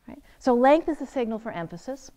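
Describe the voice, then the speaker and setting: A woman's voice: on the high side, fairly quick, slight background noise. A woman teaching a writing workshop, lecturing with energy and quizzing her audience as she goes. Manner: lively, asks the audience questions and answers them. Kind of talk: seminar lecture. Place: seminar room.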